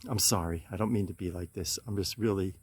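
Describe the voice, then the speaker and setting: A man's voice: low-pitched, fast talker, slightly rough. A middle-aged man hosting his own casual outdoor vlog, rambling and frustrated, apologizing between rants. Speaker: channel host. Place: outdoors by his garden hedges.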